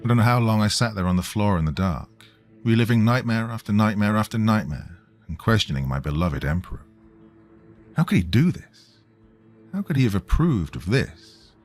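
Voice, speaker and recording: A man with a very low, deep voice narrates a horror story in a measured, grave way. Faint music plays underneath his reading.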